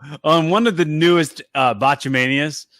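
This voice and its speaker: A man with a slightly raised pitch chatting casually on a podcast. He speaks hesitantly and repeats himself, and the recording sounds dry and close. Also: moderate pace, a bit bright, no room sound. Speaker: podcast co-host. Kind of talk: casual chat.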